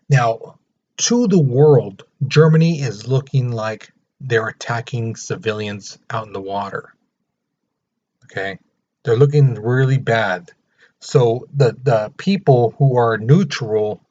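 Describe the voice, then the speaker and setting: A man gives an informal history lesson in a medium-pitched voice, loosely acting out what the historical players said. The recording sounds dull and slightly lo-fi. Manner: casual, acts out countries' quotes in a lively voice. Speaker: history teacher.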